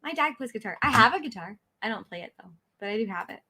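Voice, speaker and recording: A woman co-hosting a livestream, giggling and reading viewer comments aloud in relaxed chat. Her voice sits high and sounds bright, and her pitch swings widely. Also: fast. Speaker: co-host of a book channel livestream.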